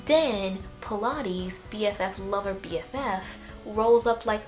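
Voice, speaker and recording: A young woman giving a casual summary lesson, chatty and irreverent, with slangy jokes and quick asides. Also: mid-range voice, soft background music. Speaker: educational video host.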